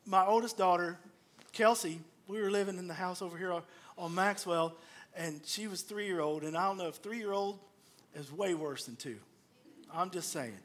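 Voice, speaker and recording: A middle-aged man, a pastor giving a sermon and telling stories with lively, acted-out asides. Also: sits high. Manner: storytelling, animated, acts out quoted voices.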